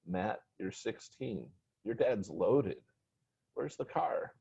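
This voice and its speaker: A man's voice: sits low, a little fast, creaky, mellow. A man voicing a teasing teenage schoolboy with a mocking manner. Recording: dull lo-fi recording.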